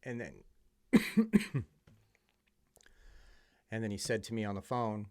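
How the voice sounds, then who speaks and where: A man with a fairly low voice speaks as a podcast guest. He tells his story in an earnest, heartfelt way, with plenty of um's and restarts. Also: very animated, slow, a little mellow. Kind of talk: personal testimony in conversation.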